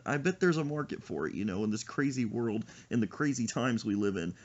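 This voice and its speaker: Animated laughing male podcast host. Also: medium pitch, a little fast, highs cut off. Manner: animated storytelling with frequent laughter. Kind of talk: casual chat.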